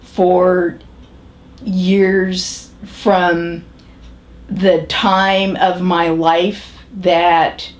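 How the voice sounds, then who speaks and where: A woman playing a very slow, frank middle-aged woman. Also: fairly low pitch, flat delivery. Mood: reflective. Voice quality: halting, measured delivery with pauses and restarts. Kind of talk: character monologue.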